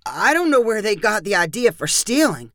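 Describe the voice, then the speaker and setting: A woman's voice: mid-range voice, very animated, normal speed, a bit bright, no echo, studio quality. A woman voicing a flustered suburban father who scolds the kids earnestly.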